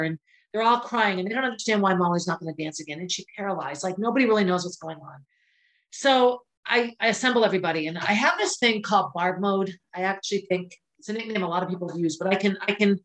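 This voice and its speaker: A woman's voice: medium pitch, fairly bright tone, rough recording. Tearful middle-aged woman telling a story. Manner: emotional, at times tearful, with pauses and restarts. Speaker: podcast host. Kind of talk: personal storytelling. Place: indoors, filming herself.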